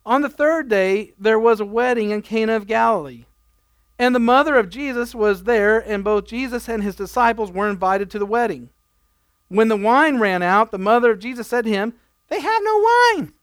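A man's voice: high voice, moderate pace, a bit bright, clear, resonant tone, no room sound, studio quality. A man preaching a conversational sermon, reading scripture and adding playful everyday asides. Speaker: pastor.

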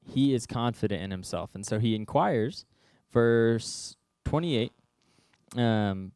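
A young man giving a casual sermon, telling a story in a joking, conversational, animated way. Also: medium pitch, slow, clear, resonant tone, no room sound, clean studio sound. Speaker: youth speaker.

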